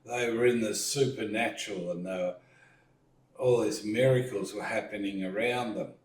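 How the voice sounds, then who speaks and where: A man leading a relaxed dining-table discussion, slowly retelling a story and acting out what people said. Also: on the low side, distant mic. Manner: slow storytelling, retells scenes with acted lines. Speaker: discussion leader. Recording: echoey room, voice set back from the mic.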